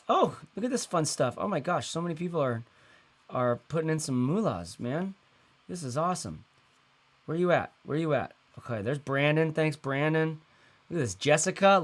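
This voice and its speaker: A man in his thirties hosting a casual livestream, talking in a loose, rambling way with lots of fillers and slang. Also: fairly high pitch. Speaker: host.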